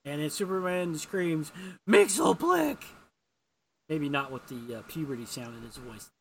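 A man's voice: a little high, moderate pace, slight background noise. Rambling man retelling a comic, voicing its lines. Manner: rambling, acts out character lines in raised voices. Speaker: podcast co-host recapping a comic. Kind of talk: casual chat.

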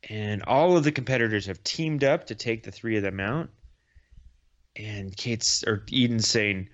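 A man with a fairly low voice casually retelling a comic story on a podcast, rambling and fixing his slips as he goes. The sound is dull and lo-fi. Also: measured pace. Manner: rambling, self-correcting retelling. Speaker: podcast host. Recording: dull lo-fi recording.

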